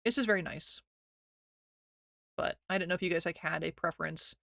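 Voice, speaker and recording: Young missouri woman yapping with chat, bright forceful voice, slight missouri accent, super dry close sound. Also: fairly low pitch, a little fast, gravelly, no echo. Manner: chatty, rambling, giggly, reads chat aloud. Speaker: streamer. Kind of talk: casual chat with stream chat.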